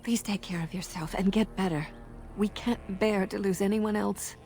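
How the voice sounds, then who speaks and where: An actress playing a kind, caring young woman in a game, speaking gently. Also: mid-range voice, fairly even intonation, moderate pace, a little hiss or hum, close to an everyday voice. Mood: concerned. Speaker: game character.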